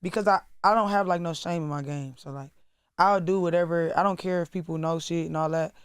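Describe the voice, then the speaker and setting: A woman's voice: on the low side, fairly even intonation, a little fast, smooth, no room sound, studio quality. A young woman speaking as a guest in a candid interview, blunt and profane, rambling with many fillers. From Atlanta. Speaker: rapper guest.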